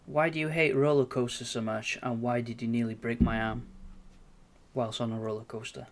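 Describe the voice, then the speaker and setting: A young man telling a story in casual chat, animated, sweary and self-mocking. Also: medium pitch, normal speed. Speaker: podcast co-host.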